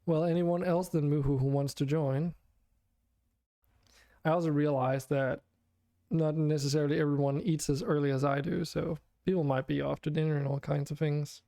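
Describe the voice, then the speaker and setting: A man's voice: on the high side, steady tone, normal speed, creaky, dark tone, no room sound, clean studio sound. A man streaming a game, chatting casually with viewers in a chatty, self-deprecating way and laughing often. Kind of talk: casual live-stream chat.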